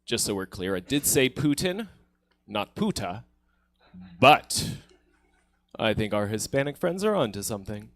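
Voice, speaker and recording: A man's voice: on the low side, sing-song, measured pace, long pauses, fairly bright tone, no echo. A man born in Ukraine doing a playful, self-deprecating stand-up set on a comedy theater stage.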